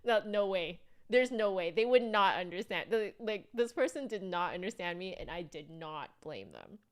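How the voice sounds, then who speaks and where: A woman's voice: medium pitch, animated, moderate pace. A woman hosting a flute livestream, chatting casually with viewers, laughing often and filling with "like" and "um". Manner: chatty, giggly, reads chat aloud; fillers, self-correcting.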